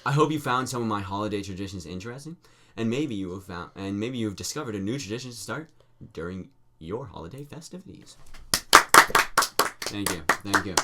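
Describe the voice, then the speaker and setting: Male co-host, bright tone, lively pitch, giggly rambling chat. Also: brisk, a little hiss or hum. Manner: joking and giggly, with rambling restarts. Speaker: podcast co-host. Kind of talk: casual chat.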